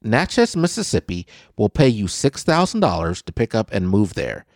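Lively low-voiced man hosting a chat show. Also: moderate pace, no room sound, clean studio sound. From Southeast Texas. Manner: animated, exasperated, with sudden high squeals. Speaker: co-host. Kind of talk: casual podcast banter.

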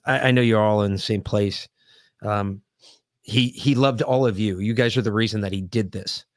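A man co-hosting a podcast in casual talk, grieving, speaking in halting, emotional bursts with lots of profanity and restarts. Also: fairly low pitch, fairly even intonation, dry recording, clean studio sound. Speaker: podcast co-host.

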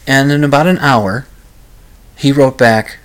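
A man's voice: medium pitch, a little slow, fairly bright tone, clear, resonant tone. Rambling, self-deprecating male host. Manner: rambling, self-deprecating, many restarts and fillers. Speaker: podcast host. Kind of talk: casual solo monologue.

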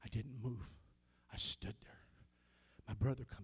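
A male pastor with an American accent telling a personal story in a sermon, dropping to hushed whispers and rising to shouted praise. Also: mid-range voice, fairly even intonation, unhurried, slightly rough.

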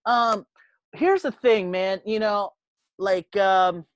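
A man's voice: high-pitched, slow pace. A man guesting on a casual podcast chat, laid-back and teasing, slightly buzzed from beer. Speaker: guest, comic book writer.

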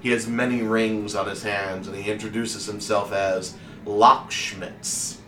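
A man narrating as game master at a tabletop game, unhurried and full of fillers. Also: on the low side, flat delivery, over music. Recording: echoey room, distant mic, faint noise.

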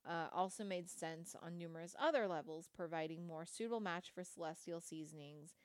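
A woman's voice: on the low side, a little fast, dry recording. A woman podcast host reading a company history aloud, breaking off for casual, wry asides and the odd swear word. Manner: conversational, swearing, wry asides between read passages. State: has the hiccups.

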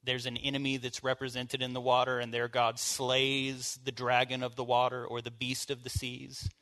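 A man's voice: medium pitch, completely flat delivery, normal speed, sharp tone. A man leading a church bible study, teaching in an informal, conversational way and asking the group questions. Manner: informal, asks the group questions, casual fillers.

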